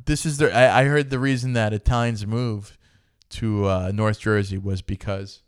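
On a comedy podcast, a male co-host keeps the chat casual, laughing frequently and adopting brash voices for his bits. His voice is on the low side, steady and clean-toned, at a normal speed.

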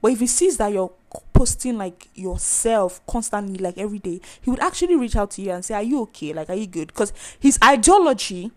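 A woman hosting a podcast, chatting casually in a loud, animated way. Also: medium pitch, brisk, hardly any pauses. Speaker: podcast host.

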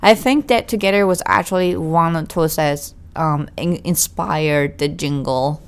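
Podcast co-host, woman, low smooth voice, chatty and self-deprecating. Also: unhurried. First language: Italian. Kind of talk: casual podcast chat.

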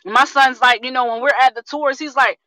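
Animated, bright-voiced woman preaching freedom. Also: high-pitched, brisk, low-quality recording. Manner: animated and preachy, rhythmic repetitions, addresses listeners as family. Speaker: community member sharing testimony. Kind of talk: energetic motivational testimony on a group call.

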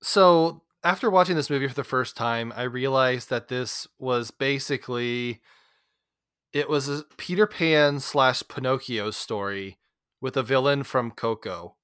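A man's voice: medium pitch, unhurried, fairly bright tone, smooth, no room sound, studio quality. Chatty man hosting a movie chat. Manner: chatty, uses "like" a lot, laughs easily. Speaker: podcast host. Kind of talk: casual movie discussion.

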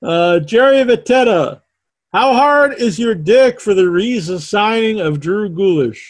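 A man's voice: high-pitched, lively intonation, measured pace, no echo. A man hosting a podcast live stream in a casual, joking, teasing and rambling way. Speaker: podcast host.

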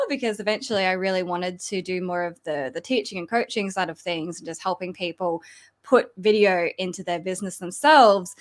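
Chatty Australian woman on a call. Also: medium pitch. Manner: friendly, chatty, upbeat. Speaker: guest, video coach. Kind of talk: casual interview. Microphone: video call.

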